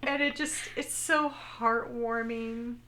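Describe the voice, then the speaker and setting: A woman's voice: fairly high pitch, fairly even intonation, slow pace, sharp tone. A woman co-hosting a podcast, chatting casually and retelling anime scenes with animation. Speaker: podcast co-host. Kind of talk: casual chat recapping an anime.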